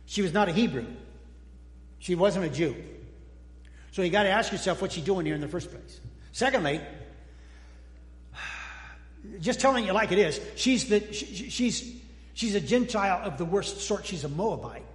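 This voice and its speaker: A man preaching a folksy, conversational sermon as pastor, joking with the congregation and often restarting his sentences before dropping suddenly quiet. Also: high-pitched, lively intonation, moderate pace, pauses often. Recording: echoey hall with long reverb.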